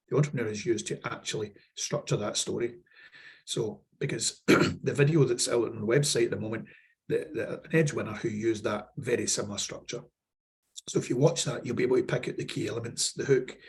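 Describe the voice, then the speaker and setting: Man, Scottish accent, very husky voice, going hoarse, loose webinar walkthrough, lots of fillers. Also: mid-range voice, darkish tone. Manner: loose, repeats words, many fillers. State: losing his voice. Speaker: workshop presenter.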